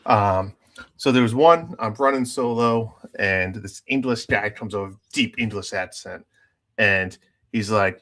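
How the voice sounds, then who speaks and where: A man co-hosting a casual podcast, telling lively gaming stories and acting out the other players' lines. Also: lowish voice, normal speed. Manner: animated storyteller, acts out other players' lines. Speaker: podcast co-host.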